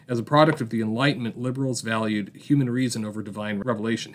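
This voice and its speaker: A man of middle pitch reads a prepared history segment for his podcast. He explains steadily and breaks off for brief asides and recommendations. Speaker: podcast host. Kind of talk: read political history segment.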